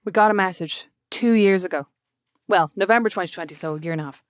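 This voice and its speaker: A woman's voice: lowish voice, fast talker, dry recording, studio quality. An Irish woman co-hosting a podcast, reading listener messages aloud with wry, chatty asides. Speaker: podcast co-host.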